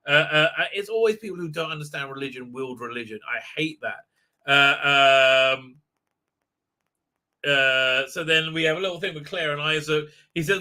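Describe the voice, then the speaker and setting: Bright-voiced man ranting on a live stream. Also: a little high, a little fast. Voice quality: frequent filler sounds and restarts, heated, indignant. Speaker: show host. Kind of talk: live stream commentary and show recap.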